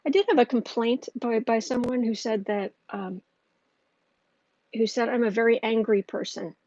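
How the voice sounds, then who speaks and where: A woman's voice: fairly high pitch, steady tone, moderate pace, a little mellow, no echo, muffled recording. A woman hosting a casual tarot livestream, rambling and chatty with frequent restarts. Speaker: astrology and tarot livestream host.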